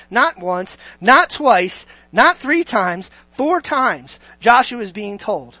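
A preacher delivering a sermon in a middle-pitched voice. The delivery keeps asking the listeners questions and swings from forceful to almost hushed. The sound is dry and close, with no room echo. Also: sing-song, slow, hardly any pauses. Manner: asks the listeners many questions, sweeping between loud and quiet.

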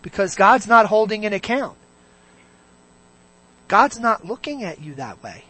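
Animated preacher full of rhetorical questions. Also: mid-range voice, measured pace, slightly rough, dry recording. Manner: animated, fires rhetorical questions at the congregation, swings between loud and hushed. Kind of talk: sermon.

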